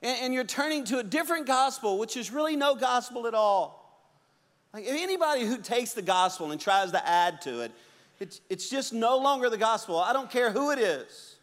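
A middle-aged man preaching a sermon as a pastor, animated and acting out the quotes and stories he tells. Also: very high voice, moderate pace. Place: church sanctuary. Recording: long hall reverb.

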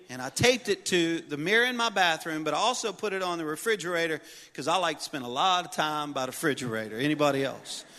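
A middle-aged male pastor preaching in a church sanctuary, his voice bright and a little high, trailing a long reverb through the hall. He moves between joking storytelling and loud, rising exhortation, with soft music underneath. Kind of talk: sermon with personal stories.

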